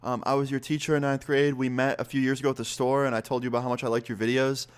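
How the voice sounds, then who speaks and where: A man's voice: medium pitch, level tone, quick pace, smooth, natural voice. A stubborn, demanding woman teacher, quoted by a young man in his own voice. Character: pushy, insistent woman schoolteacher.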